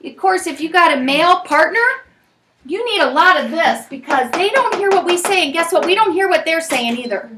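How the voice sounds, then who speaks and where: A woman in her forties leading a parenting class, telling stories in a lively, chatty way with plenty of fillers. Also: very high voice, a little fast, far from the mic, slight background noise.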